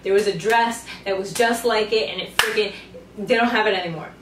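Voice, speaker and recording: A woman's voice: medium pitch, fairly quick, a bit bright. Young woman, chatty try-on haul talk, playful and sassy, echoey room, mic set back. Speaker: fashion vlogger. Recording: roomy, mic far off, faint noise.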